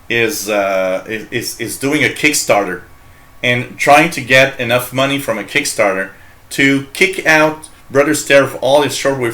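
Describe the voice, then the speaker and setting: A man's voice: medium pitch, pushed and bright. A man from Canada hosting a live shortwave radio show, chatting in a rambling, jokey way, reading out chat messages and laughing often.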